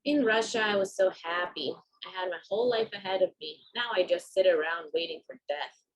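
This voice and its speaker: A stubborn, proud old grandmother who scolds and complains, as a woman reading her own story puts her on. She speaks in a somewhat low voice with a disapproving edge, as heard in a storybook reading. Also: a little fast, muffled recording, natural voice. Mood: complaining.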